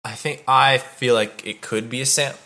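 A man's voice: mid-range voice, fairly even intonation, normal speed, pushed and bright. A young man guesting on a podcast, chatting casually and hesitantly, with lots of filler words. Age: young adult. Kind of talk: casual chat.

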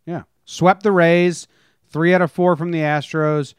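A man's voice: on the high side, level tone, measured pace, smooth, no echo. Laid-back joking man, dry close sound. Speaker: podcast co-host. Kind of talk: casual sports chat.

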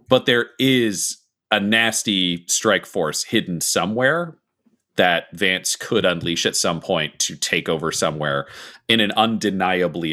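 Guy running a tabletop game, lowish bright voice, explains stuff while he thinks. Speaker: game master.

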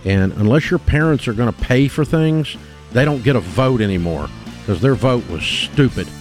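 A man's voice: medium pitch, animated, normal speed, darkish tone, faint music behind. A man with a Southern American accent hosting a call-in advice radio show, blunt and scolding with heavy emphasis.

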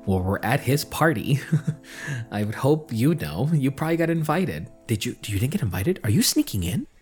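A man's voice: mid-range voice, very animated, normal speed, a little mellow, soft background music, lightly acted. A man voicing a female elf partygoer who is flustered, apologetic and stammers nervously. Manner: stammering, fussy, nervously polite.

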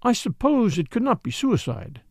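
A man voicing a quiet young English woman. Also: high-pitched, normal speed, gravelly, dry recording, studio quality, pitched above the performer's own voice, heavily acted. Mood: subdued. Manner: quiet, steady, slightly shaken.

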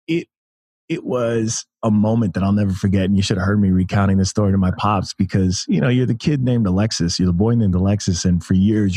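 A man's voice: fairly low pitch, warm tone, breathy edge, no room sound. A man in his thirties from the United States, telling stories as a guest in a casual interview, enthusiastic and full of restarts. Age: 30s. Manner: storytelling, enthusiastic, many restarts. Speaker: podcast guest.

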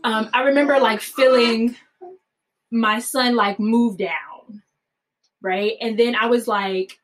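Chatty higher-voiced woman telling a story. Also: slow, rough recording. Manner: animated, chatty, many fillers like "like" and "um", laughs often. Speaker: mother telling her birth story. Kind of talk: personal storytelling.

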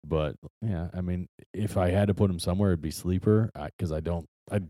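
A man's voice: deep voice, a little fast, warm tone, no room sound, clean studio sound. A man co-hosting a sports podcast in casual chat, hesitant and full of restarts, then giving blunt opinions. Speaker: podcast co-host.

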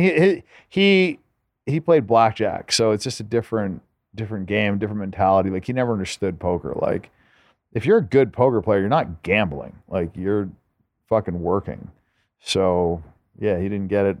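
A man's voice: lowish voice, a little fast, dry recording, studio quality. A man telling stories as a podcast guest in a laid-back, profane way, full of filler words. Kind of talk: casual storytelling.

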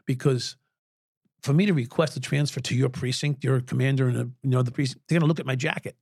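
A man's voice: mid-range voice, steady tone, fast, a little mellow, husky, no room sound, studio quality. A man in his sixties, a former police officer and podcast guest, telling candid stories bluntly, swearing freely and chuckling as he talks. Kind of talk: candid conversational storytelling. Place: podcast studio.

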